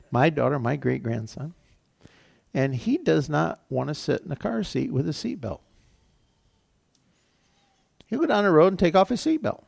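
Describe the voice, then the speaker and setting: A man's voice: a little high, very animated, unhurried, gravelly, long pauses, a little mellow, slightly rough, dry recording. An older man preaching a sermon as pastor, telling a personal story in a conversational way with frequent restarts. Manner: conversational, storytelling with self-corrections.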